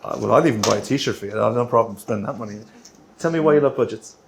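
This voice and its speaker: A middle-aged Irish man presenting a workshop in a meeting room, chatty and teasing, ending his points with a quick "right?". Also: on the low side, gravelly, noisy background. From Ireland. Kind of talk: joking workshop talk.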